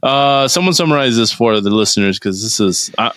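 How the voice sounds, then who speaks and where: A man co-hosting a casual podcast at a middle pitch, easygoing and joking, his voice moving with lively ups and downs. The sound is dry, with little room in it. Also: brisk, no room sound. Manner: easygoing, joking, reads text aloud drily. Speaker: podcast co-host. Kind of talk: casual chat.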